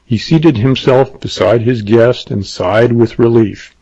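A man narrating a western novel in a measured storytelling manner. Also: mid-range voice, dark tone, husky. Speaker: audiobook narrator. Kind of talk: scripted narration. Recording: dull lo-fi dry recording.

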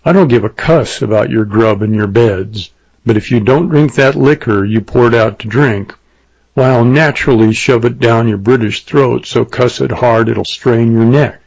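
A man voicing a tough cowboy gunman, cold and threatening, in a slow, deliberate western drawl, for an audiobook. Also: medium pitch, vocal fry, darkish tone, dry recording. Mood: menacing. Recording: dull lo-fi dry recording.

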